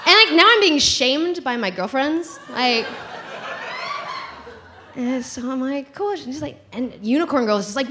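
Animated high-voiced woman telling a story. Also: brisk, slight background noise. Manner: animated, giggly, acts out quotes. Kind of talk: live comic storytelling.

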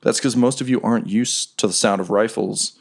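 A man narrating a tabletop game as game master, telling the scene in a loose, relaxed way with fillers. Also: on the low side, fairly quick, vocal fry, breathy edge.

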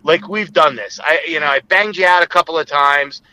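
A man's voice: on the high side, normal speed, pushed and bright, poor audio. A man, a former co-host calling in, telling a rambling, crude story full of filler words. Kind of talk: casual storytelling.

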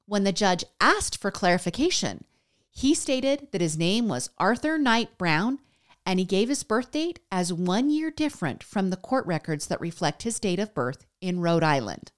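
A woman's voice: medium pitch, sing-song, moderate pace. A woman hosting a podcast, reading a scripted news recap in a chatty way and speaking straight to her listeners. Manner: chatty, addresses listeners directly. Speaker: podcast host.

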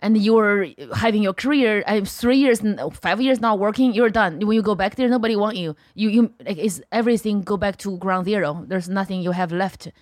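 A woman's voice: medium pitch, fairly quick, hardly any pauses, no echo, clean studio sound. Blunt woman, Chinese accent. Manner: blunt, frank, broken English grammar. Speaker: comedian guest. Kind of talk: casual podcast chat.

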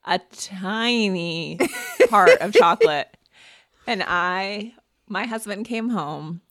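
A woman's voice: mid-range voice, animated, slow pace, a bit bright, dry recording, clean studio sound. A woman hosting a podcast, telling a candid, self-deprecating story and laughing often. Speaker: podcast host. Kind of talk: casual conversation and read ad.

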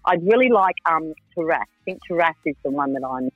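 A woman's voice: low-pitched, lively intonation, brisk, dry recording, lo-fi sound, soft background music. A woman, chatting frankly and ramblingly as a reality TV contestant in a radio interview. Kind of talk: casual radio interview chat.

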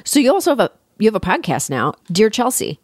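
A woman's voice: medium pitch, very animated, fast talker, breathy edge. A woman hosting a casual interview, amused and reactive, laughing often at her guest's stories. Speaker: interviewer host.

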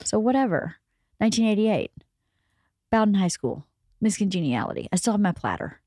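A woman's voice: medium pitch, sing-song, brisk, dark tone, no echo, studio quality. A woman in her fifties hosting a podcast, chatting casually and motherly with her daughters. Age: 50s. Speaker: podcast host. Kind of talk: casual family chat.

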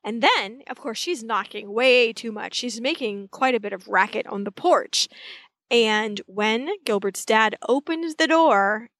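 Female recap co-host, wry and chatty, higher pitch, dry close mic. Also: dry recording. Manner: chatty, wry, animated retelling. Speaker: podcast co-host. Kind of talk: casual recap chat.

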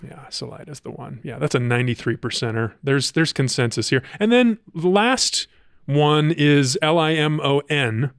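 A man's voice: mid-range voice, moderate pace, creaky, clean tone, no echo, studio quality. A man working as a podcast producer, chatting in an easygoing, self-deprecating way. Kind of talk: casual chat.

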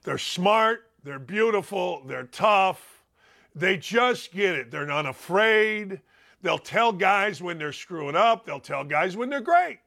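High, gravelly, bright-voiced sports host. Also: male voice, lively intonation, takes it slowly. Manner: loud, rambling, emphatic storytelling. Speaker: sports talk show host. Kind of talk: animated talk show monologue.

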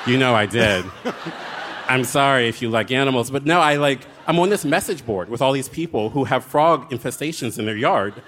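A man telling a dramatic, comic story as a guest author on a live show, with quick asides. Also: mid-range voice, lively intonation, a bit bright, a little hiss or hum.

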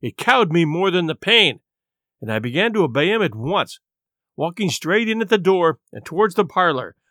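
Expressive male storybook narrator. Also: high voice, no room sound, studio quality. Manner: dramatic, varied pacing. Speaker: audiobook narrator.

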